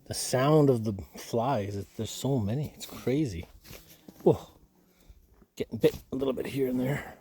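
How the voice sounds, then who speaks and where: A young man chatting casually to the camera while camping outdoors by a marsh, rambling in a relaxed way with quiet offhand asides to himself. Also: medium pitch, measured pace, husky. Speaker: solo camping vlogger. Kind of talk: casual outdoor vlog commentary.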